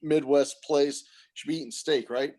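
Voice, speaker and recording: A middle-aged man, a former pitcher, telling a story casually and acting out the coaches he quotes. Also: moderate pace. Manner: animated, acts out quoted coaches. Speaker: former pro pitcher guest.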